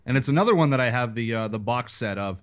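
A man's voice: medium pitch, expressive, fast, highs cut off. A man in a casual chat, telling a nostalgic story with animation.

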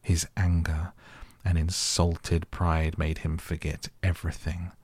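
A man narrating a storybook audiobook for sleep in a calm, gentle, measured way. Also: sits low, breathy edge, dry recording. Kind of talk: soft bedtime audiobook reading.

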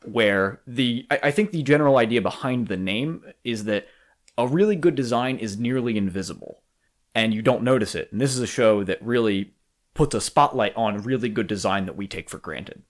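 An easygoing man hosts a relaxed podcast conversation. His pitch moves around a lot, and he laughs often and fills pauses with ums and uhs. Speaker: podcast host. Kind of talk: casual chat.

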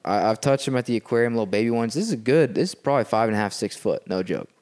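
A man with a mid-range voice talks at a quick pace as a guest on a podcast recorded in a house. In casual chat he tells a story animatedly, repeatedly checking in with his listeners by asking "okay?"

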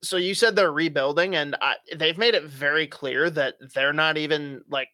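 A man's voice: a little high, moderate pace, sharp tone, no echo, studio quality. A young man co-hosting a casual hockey chat, opinionated and swearing casually with frequent fillers. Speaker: hockey podcast co-host.

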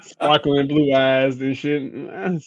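A man co-hosting a podcast in casual chat, slangy and quick, with a deadpan way of telling stories. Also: medium pitch, highs cut off. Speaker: podcast co-host.

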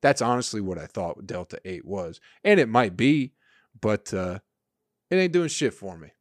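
A man's voice: fairly low pitch, sing-song, normal speed, no room sound, clean studio sound. A man hosting a casual solo podcast, rambling and swearing in an exasperated way. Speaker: podcast host.

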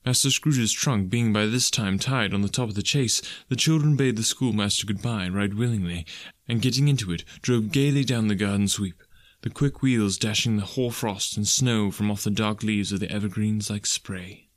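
A man narrating a classic story as an audiobook, measured and expressive. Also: lowish voice, no echo, clean studio sound.

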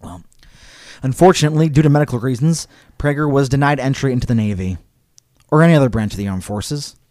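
A man's voice: medium pitch, quick pace, a little mellow, no room sound, studio quality. A man hosting a podcast, telling a history story in a casual, digressive way and reading quotes aloud. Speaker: podcast host.

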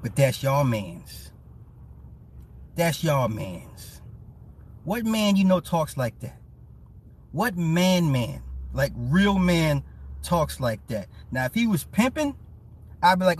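A man's voice: a little high, very animated, slow, pauses often. A man casually ranting to his live chat, teasing and profane, laughing often as he mocks someone. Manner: mocking, petty storytelling. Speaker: live-stream commentator.

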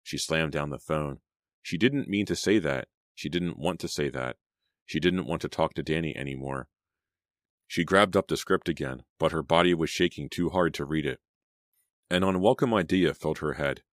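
A man narrating an audiobook in a measured storytelling manner. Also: rumbling low, no room sound. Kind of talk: scripted narration. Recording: dry close studio sound.

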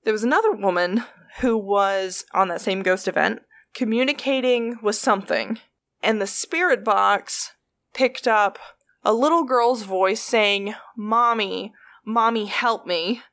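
A woman retelling stories in a loose, chatty way, swearing freely and padding her sentences with fillers. Her voice sits at a middle pitch, and she moves at an ordinary pace. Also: measured pace, fairly bright tone. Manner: chatty, profane, heavy on fillers. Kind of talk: casual storytelling.

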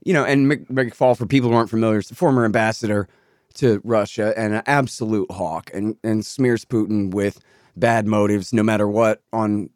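A man's voice: on the low side, fairly even intonation, normal speed, darkish tone, clean tone, no room sound, studio quality. A man hosting a casual conversational discussion, speaking loosely with frequent "you know"s.

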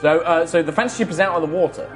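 A woman narrating a tabletop game as game master, in a chatty, animated way. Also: lowish voice, soft background music. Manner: chatty, animated, quick to laugh.

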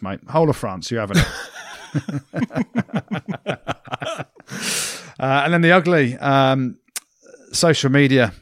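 A man's voice: mid-range voice, no echo, studio quality. Joking man on a rugby podcast. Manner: jokey, mock-French asides, blunt. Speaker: podcast co-host. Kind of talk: casual rugby podcast chat.

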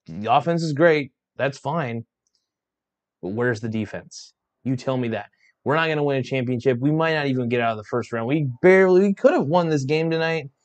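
A man's voice: medium pitch, a little mellow. Fed-up man ranting about basketball. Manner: exasperated, swearing, rambling with restarts. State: yawning, tired. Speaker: sports vlogger. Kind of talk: frustrated sports rant.

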